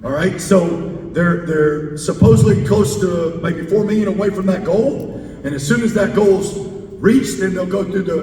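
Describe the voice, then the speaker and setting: A man, a head football coach speaking to a club and taking audience questions, stressing points by repeating words. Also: darkish tone. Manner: emphatic, repeats key words. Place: large meeting hall indoors. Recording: roomy hall, distant mic, faint rumble.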